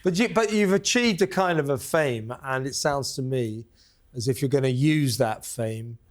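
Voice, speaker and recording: A man's voice: medium pitch, moderate pace. A man hosting a TV interview, asking questions in a hesitant way with frequent fillers and restarts. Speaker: talk show host. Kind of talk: conversational TV interview.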